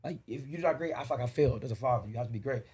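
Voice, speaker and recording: Fast, earnest man in casual chat. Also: mid-range voice, darkish tone, breathy edge. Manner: earnest, emphatic, repeats himself. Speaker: podcast co-host; father of two boys.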